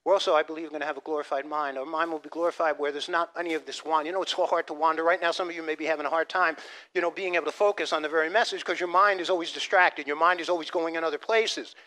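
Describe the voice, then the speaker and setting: A man preaching a sermon as pastor, animated, dropping from loud emphasis to soft asides and restarting phrases. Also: on the high side, racing. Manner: repeats words as he restarts phrases.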